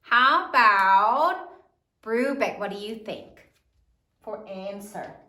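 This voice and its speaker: A woman teacher leading a spelling lesson, slow and clear, praising her students. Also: mid-range voice, expressive, bright, forceful tone. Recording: roomy echo.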